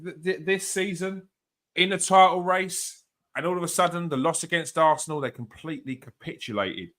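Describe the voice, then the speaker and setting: A man's voice: fairly high pitch, moderate pace, a bit bright. A man who hosts a casual football chat podcast, pressing his points with questions in an argumentative way. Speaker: podcast host.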